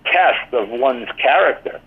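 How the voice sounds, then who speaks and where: Animated yet measured, an older man's slightly rough, mid-range voice comes through a tinny phone line. He's a former team athletic trainer and author, guesting in a casual interview and telling rambling anecdotes loaded with "you know."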